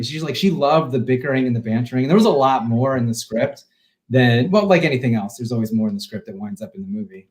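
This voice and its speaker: Relaxed rambling man, podcast guest. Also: medium pitch, a little fast. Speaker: independent filmmaker guest. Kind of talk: casual interview chat.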